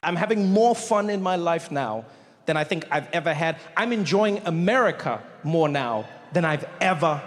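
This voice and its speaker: Male stand-up comic, animated storyteller, high voice, big echoing venue. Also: background noise. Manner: animated storyteller, jumps into voices, repeats words for emphasis. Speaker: comedian. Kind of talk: stand-up comedy. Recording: long reverb of a large venue, faint ambience.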